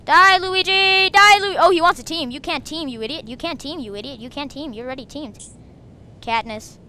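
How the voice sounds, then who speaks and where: A woman hosting a game video, chatting casually and breaking into excited shrieks. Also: sits high, brisk. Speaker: gaming video host. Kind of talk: casual gameplay commentary.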